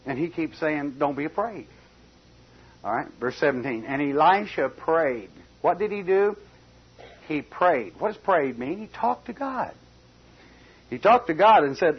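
A man preaching a folksy expository sermon, swinging between loud emphasis and quiet asides. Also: medium pitch, big pitch swings, a little slow, pauses often, husky. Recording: dull lo-fi recording.

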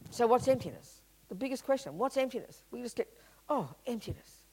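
A woman's voice: on the high side, fast talker, a little hiss or hum, low-quality recording. A woman giving a Buddhist teaching talk, blunt and emphatic, full of rhetorical questions. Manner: blunt and lively explaining.

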